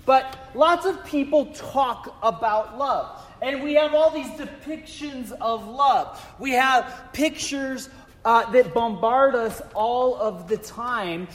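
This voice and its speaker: A man with a high voice preaches to his congregation, a pastor who keeps things loose with jokes and self-deprecating asides. His words trail off into the long reverb of a large church sanctuary. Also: takes it slowly. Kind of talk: casual humorous sermon.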